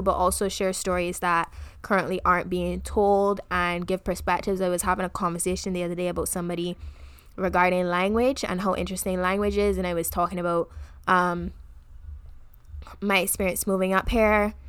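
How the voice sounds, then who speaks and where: Young female co-host from the Caribbean; smooth, resonant, slightly low voice, unhurried and thoughtful. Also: flat delivery, fairly bright tone, no echo. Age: young adult. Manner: reflective, earnest, pauses often mid-thought. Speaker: podcast co-host. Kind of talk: casual chat.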